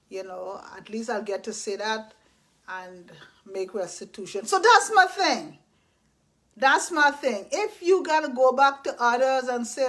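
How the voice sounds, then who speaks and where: A woman's voice: fairly high pitch, animated, a little slow, a bit bright. A woman giving earnest, faith-based life advice in a casual talk, repeating herself and acting out apologies. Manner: earnest and repetitive, acts out apologies.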